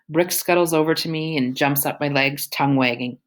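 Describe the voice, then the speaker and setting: Low-voiced woman narrating an audiobook. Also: fairly quick. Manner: casual, youthful first-person telling. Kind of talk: first-person audiobook narration.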